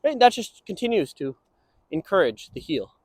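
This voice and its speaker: A young man training a dog, explaining casually and breaking into high sing-song praise for it. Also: big pitch swings, moderate pace, darkish tone, no room sound. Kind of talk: instructional walk-and-talk.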